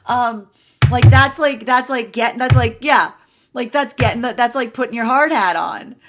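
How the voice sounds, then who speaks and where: A woman giving a casual tarot energy reading, chatty and repetitive, often tagging sentences with "right?" and swinging between bright emphatic bursts and quiet low stretches. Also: normal speed, background noise. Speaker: tarot reader. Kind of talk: solo tarot reading to camera.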